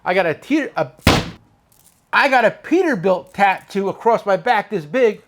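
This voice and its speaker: A man's voice: high voice, animated, normal speed. A man hosting a casual tool shop chat, rambling and joking at his own expense. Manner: rambling, joking, self-mocking. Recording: noisy shop recording.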